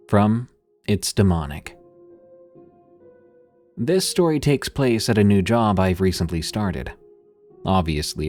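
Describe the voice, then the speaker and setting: Deep-voiced male horror narrator. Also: a little mellow. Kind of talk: scripted narration.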